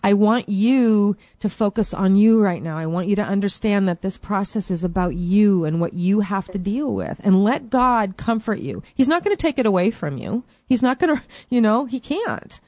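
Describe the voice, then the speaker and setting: A woman's voice: mid-range voice, expressive, moderate pace, hardly any pauses, dry recording. Soothing woman radio counselor, dry sound. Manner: warm, soothing, affectionate pet names. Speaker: radio show host and spiritual counselor. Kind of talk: call-in advice talk.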